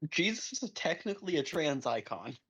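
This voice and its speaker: A woman co-streamer making dry, deadpan quips during a game stream. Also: sits low, normal speed, slightly rough. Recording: slightly dull audio with faint music.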